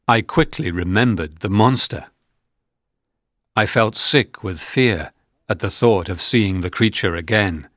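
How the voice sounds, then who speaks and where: A man narrates a storybook slowly and evenly in a fairly low voice. The recording is dry and close, with no room sound. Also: a bit bright, dry recording. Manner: measured, plain reading.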